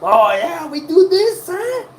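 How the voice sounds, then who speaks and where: A woman's voice: extremely high pitch, very animated, slow, darkish tone, roomy sound, slight background noise, voice pushed up, full character voice. A woman putting on the voice of a gloating French factory inspector who mocks others and keeps ending with a sneering "huh?". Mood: smug mocking. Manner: sneering, repeated teasing "huh?".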